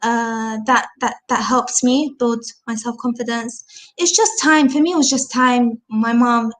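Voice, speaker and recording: This British woman, a guest in an interview, recounts her personal story at a measured pace in a fairly high voice. She hesitates, restarts often and leans on "you know", though she perks up whenever she quotes other people.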